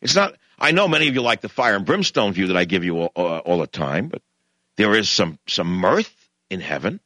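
A middle-aged man hosts a radio talk show, ranting in a sarcastic, combative monologue. His voice sits at a middle pitch and swings between muttered asides and loud, lively outbursts. The sound is dry and close. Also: brisk, no echo.

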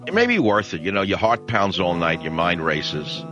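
A man's voice: low voice, sing-song, normal speed, music in the background. A man hosting a talk radio show, ranting in a combative, sarcastic way. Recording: dull lo-fi radio broadcast.

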